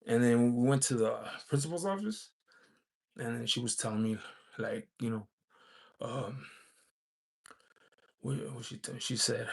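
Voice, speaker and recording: A man's voice: mid-range voice, a little slow, vocal fry, pauses often, breathy edge. A man vlogging, telling a personal story in a rambling, casual way, with many fillers and restarts.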